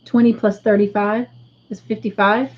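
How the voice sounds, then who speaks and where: A woman hosting a casual livestream, slowly tallying up points for viewers. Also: medium pitch, flat delivery, dull audio. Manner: slow, careful tallying of points. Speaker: livestream host.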